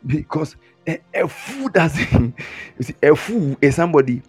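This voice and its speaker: A man's voice: on the high side, a little slow, breathy edge. Guy preaching, mocks folks, chuckles a lot, faint music behind. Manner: animated, mocking mimicry, frequent chuckles. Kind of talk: sermon.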